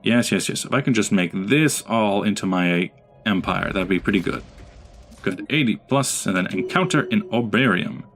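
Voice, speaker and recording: A man's voice: on the low side, normal speed, fairly bright tone. A man giving casual gameplay commentary as a let's play host, chatting and talking to his units. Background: game music.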